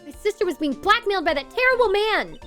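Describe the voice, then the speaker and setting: A woman's voice: very high voice, big pitch swings, fast talker, a bit bright, soft background music, voice pushed up, heavily acted. A woman streamer voicing a devoted, anxious young woman who pleads to defend her older sister, while reading game dialogue aloud. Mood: pleading.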